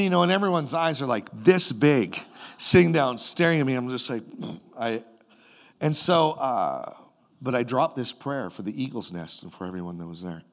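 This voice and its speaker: Canadian man preaching an animated sermon. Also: medium pitch. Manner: animated, retells a vision in a rising and falling voice. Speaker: pastor. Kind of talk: sermon storytelling.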